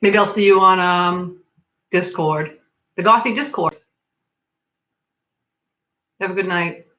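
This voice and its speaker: A woman's voice: fairly low pitch, slow, bright, forceful tone, muffled recording. A woman from Massachusetts with a local accent between Boston and Rhode Island, chatting casually on a livestream, reading comments, laughing often and filling her talk with "like". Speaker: livestream host.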